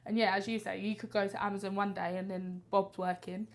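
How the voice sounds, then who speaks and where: A woman's voice: mid-range voice, level tone, brisk. A woman guest, an actress and drama teacher, chatting casually in a friendly, emphatic way. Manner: friendly, emphatic, laughs easily. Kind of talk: casual chat.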